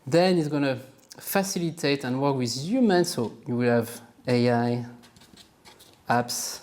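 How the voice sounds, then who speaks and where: A man's voice: mid-range voice, animated, unhurried, darkish tone. A middle-aged man with a French accent, chatty and self-mocking, explaining supply chain jobs in a casual educational talk. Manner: upbeat, chatty, laughs at himself. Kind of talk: casual explainer while drawing on a board.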